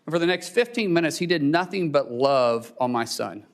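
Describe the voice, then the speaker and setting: A man testifying at a hearing, telling a personal story in a halting way, repeating words and choking up. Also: a little high, creaky. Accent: Oklahoma. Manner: halting, repeats words, chokes up when emotional. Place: hearing room.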